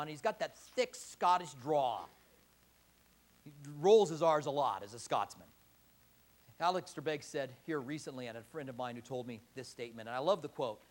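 A man preaching a sermon as pastor, impassioned and building to emphatic exhortation in a church. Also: mid-range voice.

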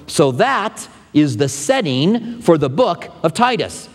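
Man, pastor, high voice, conversational verse-by-verse sermon, long reverb in the church. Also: very animated, slow, few pauses. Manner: conversational preaching with asides to the congregation. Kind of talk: expository sermon. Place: church sanctuary.

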